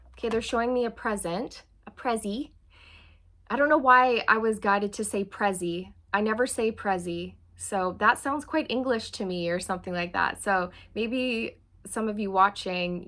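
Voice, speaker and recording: A woman with a voice of ordinary, middling pitch reads tarot for an unseen audience. She talks in an earnest, reassuring way and keeps checking in with "okay" and "you guys". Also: fairly bright tone. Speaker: tarot reader. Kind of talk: channeled tarot reading to viewers.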